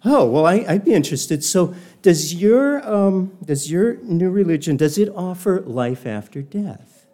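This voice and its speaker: A man's voice: high-pitched, animated, a little slow, dark tone, voice pushed up. Man doing an eager, naive cartoon dog. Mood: earnest. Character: naive literal-minded male cartoon dog.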